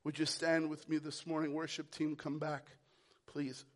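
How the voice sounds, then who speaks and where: A pastor preaching a sermon, moving from quiet, low lines to loud, ringing calls. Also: male voice, completely flat delivery, unhurried. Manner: preaching with big swings from soft to loud.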